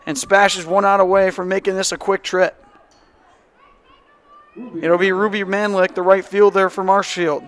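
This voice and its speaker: A young man from the calling a high school softball game as the play-by-play announcer, brisk and rising sharply on big plays. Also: little pitch movement, smooth.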